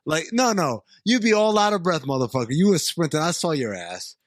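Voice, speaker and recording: Profane, animated man riffing. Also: fairly high pitch, a little fast, no echo, studio quality. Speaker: podcast co-host. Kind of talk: casual comedic chat.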